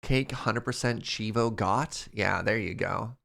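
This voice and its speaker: A man's voice: on the low side, measured pace, gravelly, fairly bright tone. A man streaming and chatting casually, reading his chat aloud in a playful way and laughing often.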